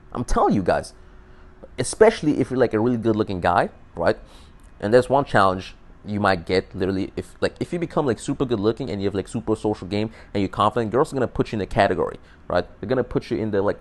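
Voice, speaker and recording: A man telling a dating story in a casual, profane monologue, often repeating and restarting words. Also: fairly low pitch. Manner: animated, emphatic. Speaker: dating advice vlogger.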